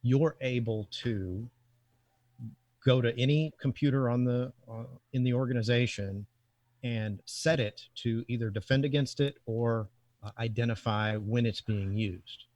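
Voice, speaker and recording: A man's voice: medium pitch, a little slow, a little mellow, no room sound. Man probing with questions on a podcast. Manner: probing, restates his questions. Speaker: podcast host. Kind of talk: interview questioning.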